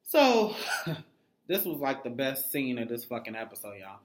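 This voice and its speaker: A man's voice: mid-range voice, very animated, measured pace. Brief: sassy profane male recap vlogger, roomy. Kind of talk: casual gossip recap. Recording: roomy echo.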